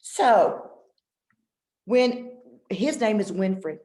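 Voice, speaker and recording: A woman's voice: medium pitch, animated, very slow, dark tone, roomy sound, rough recording. A woman leading a nutrition lesson for kindergarten children, speaking in an exaggerated teacher voice and having them repeat phrases after her. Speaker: extension nutrition educator.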